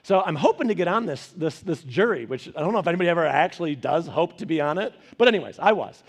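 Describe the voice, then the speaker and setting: A male pastor with a high voice delivers a sermon through lively family anecdotes. He laughs in between and acts out the people in his stories. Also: fast talker. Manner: animated storytelling, laughing asides.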